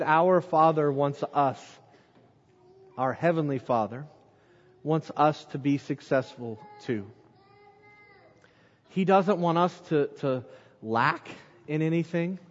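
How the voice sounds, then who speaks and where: A man preaching an evening sermon, emphatic, repeating words for stress and dropping to a low hush at the ends of phrases. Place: church sanctuary during an evening service. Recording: muffled recording with long hall reverb.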